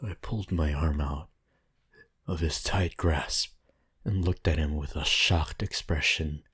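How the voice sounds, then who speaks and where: A man narrating a horror story in a slow, measured, somber reading voice. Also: extremely low pitch, steady tone, fairly bright tone, slightly rough. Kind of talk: scripted narration.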